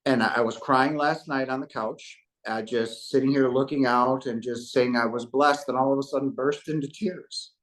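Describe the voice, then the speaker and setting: Impassioned man in his fifties. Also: mid-range voice. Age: 50s. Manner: impassioned, preacher-like address to listeners. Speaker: guest. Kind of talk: emotional spiritual testimony.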